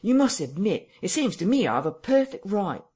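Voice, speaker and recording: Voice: medium pitch, sing-song, moderate pace, a little mellow, slightly rough, pitched above the performer's own voice. A reader voicing a frightened, self-pitying tramp who whines and complains near tears. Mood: whining. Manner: whining, tearful, complaining.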